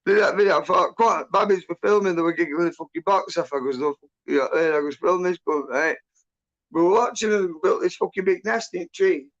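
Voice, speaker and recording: A man's voice: sits high, a little fast, fairly bright tone. A man telling a rambling, sweary, agitated story in casual chat. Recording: muffled lo-fi audio.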